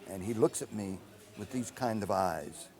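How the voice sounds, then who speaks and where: An older man and composer telling anecdotes in an interview, animated and acting out the dialogue he quotes. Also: lowish voice, moderate pace. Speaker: film composer.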